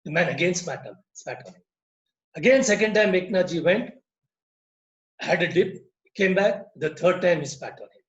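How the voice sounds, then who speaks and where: A man's voice: high voice, lively intonation, normal speed, echoey room, highs cut off. A man giving an earnest moral talk full of stories over a video call. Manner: earnest, repetitive storytelling. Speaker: lodge speaker.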